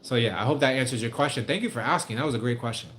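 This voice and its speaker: A man's voice: medium pitch, very fast, fairly bright tone, slight background noise. A man on a casual livestream answering viewer questions, rambling, candid and profane.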